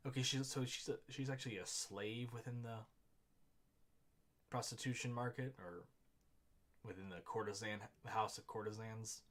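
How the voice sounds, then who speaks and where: A man's voice: fairly low pitch, fairly even intonation, moderate pace, fairly bright tone. A man giving a casual, rambling reaction to a comic chapter, with wry asides. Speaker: comic reviewer.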